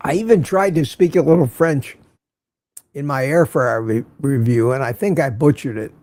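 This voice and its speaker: A man's voice: mid-range voice, normal speed, darkish tone. A man hosting a casual morning livestream, greeting viewers by name and reading their chat messages, chatty and chuckling often, repeating himself.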